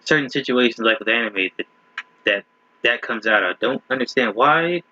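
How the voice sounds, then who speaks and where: A man's voice: medium pitch, lively intonation, normal speed, bright, forceful tone, no echo. A man hosting a casual reaction video, rambling and restarting his sentences as he talks, in a slightly muffled home recording. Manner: rambling, restarts often, laughs at clips. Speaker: video host.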